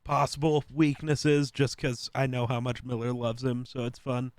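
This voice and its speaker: A man's voice: mid-range voice, flat delivery, moderate pace, dry recording. A man co-hosting a sports podcast, talking in a blunt, teasing, profane way in casual chat. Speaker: podcast co-host.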